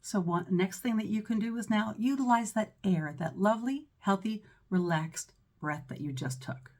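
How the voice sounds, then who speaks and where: A woman's voice: medium pitch, normal speed, a little mellow. A woman voice teacher with a mezzo-soprano voice giving an instructional breathing lesson, often checking in with "right?" and "okay?".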